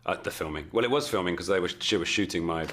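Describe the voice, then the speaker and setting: Deep-voiced English man, halting answers. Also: a bit bright. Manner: halting, repeats words and fillers as he thinks. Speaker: film actor interviewee. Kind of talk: casual interview answers.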